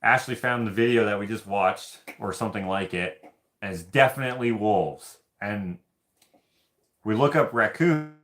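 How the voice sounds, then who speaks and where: A man's voice: on the low side, normal speed. Laughing man telling a story on a livestream. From Canada. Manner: animated, laughing, loose and profane. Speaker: host of live hangout stream.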